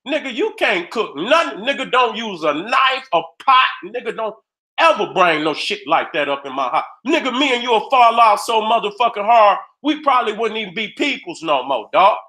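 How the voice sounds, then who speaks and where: High, bright-voiced man ranting. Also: animated, normal speed. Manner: heated, streetwise, loud, acts out dialogues. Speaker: video host. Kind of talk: profane ranting commentary.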